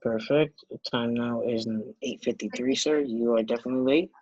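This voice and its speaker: A man's voice: medium pitch, steady tone, a little fast, a little mellow. A man teacher taking roll in an online class on a video call, matter-of-fact. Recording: dull, dry video-call audio.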